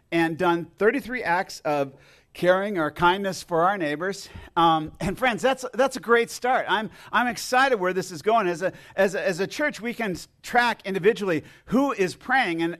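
Male pastor, fairly high voice, chatty joking sermon delivery. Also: a bit bright. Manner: chatty, joking, halting restarts. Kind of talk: casual sermon with congregation. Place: church sanctuary.

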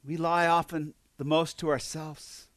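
A man with a high voice preaching with earnest conviction. He often repeats words and swings from loud calls to hushed lines. The sound is dry and close, with no room around it. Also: flat delivery, a little slow, dry recording. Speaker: pastor. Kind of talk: sermon.

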